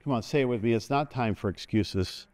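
A man's voice: medium pitch, a little fast, darkish tone. An older man preaching a sermon as pastor, folksy and joking, leading the congregation in call-and-response.

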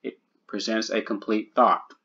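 A man with a fairly low voice teaches a grammar lesson. He talks slowly and deliberately and goes back over each key point. The recording sounds dull and lo-fi. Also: flat delivery, pushed and bright.

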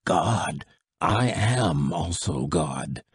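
A man's voice: low voice, lively intonation, extremely slow, slightly rough, no echo, clean studio sound, full character voice. A male reader voicing a dying old nobleman who speaks weakly but insistently. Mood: growling. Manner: weak, insistent and secretive.

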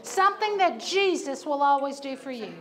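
High-voiced woman pastor preaching. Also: expressive, normal speed, fairly bright tone. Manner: storytelling, laughing at herself, emphatic repetition. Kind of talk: sermon.

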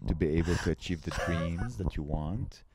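A sinister, ancient vampire boss, put on by a man on a comedy podcast, murmuring in a low, hushed, drawn-out way. His voice sits well below the speaker's normal pitch. The noise of a crowd is clearly heard behind him. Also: natural voice.

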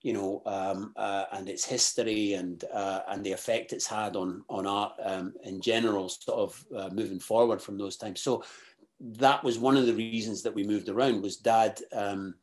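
Scottish guy chatting on a podcast, lots of ums and restarts, gets sweary and worked up. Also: fairly low pitch. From Scotland. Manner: halting, full of fillers and restarts, bursts of animated swearing. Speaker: podcast guest. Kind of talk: casual interview chat.

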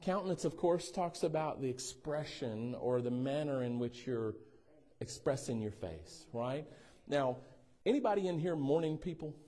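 A man with a voice on the high side speaks at a moderate pace, animated and warm. He's a pastor giving a sermon in a church sanctuary, playfully teasing his congregation and asking them to respond.

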